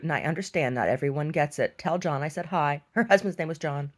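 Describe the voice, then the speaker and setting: A woman who is an artist and gallery owner tells a story casually, animated and sardonic, acting out the people involved. Her voice is low, her pace quick, and she rarely pauses.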